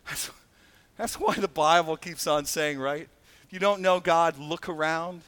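A man preaching a sermon, animated and emphatic, with frequent asides and laughs. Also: fairly high pitch, measured pace, smooth. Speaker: pastor.

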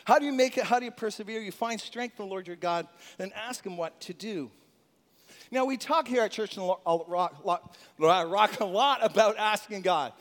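A male pastor preaching a sermon in a church, animated, with chuckles and call-and-response with the congregation. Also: sits high, normal speed. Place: church sanctuary. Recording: long reverb in a large hall.

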